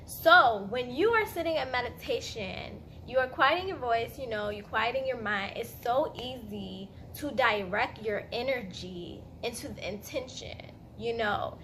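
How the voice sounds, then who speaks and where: A woman's voice: on the high side, measured pace, hardly any pauses, a bit bright, a little hiss or hum. Chatty young woman on meditation. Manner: chatty and earnest, many fillers, acts out her inner voice. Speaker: meditation vlogger. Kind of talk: casual talk to camera.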